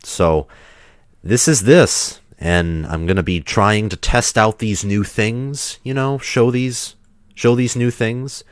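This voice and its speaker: A man's voice: lowish voice, slow pace, dry recording, studio quality. A man hosting a livestream while sick, chatting in a rambling, casual way with loose restarts. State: sick, under the weather. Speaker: livestream host.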